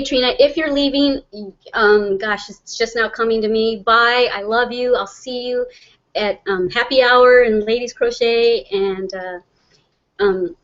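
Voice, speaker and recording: A woman's voice: on the high side, dull audio. A middle-aged woman, hosting a casual livestream, reading viewer comments aloud and chatting in a rambling way with frequent laughs. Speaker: livestream host.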